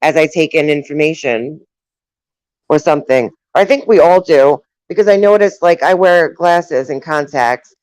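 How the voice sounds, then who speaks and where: A woman's voice: deep voice, moderate pace, a little mellow, no room sound, poor audio. A woman with a New York accent hosting a casual chat, talking loosely with lots of fillers and frequent laughs. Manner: chatty, laughs often, trails off with fillers. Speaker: host.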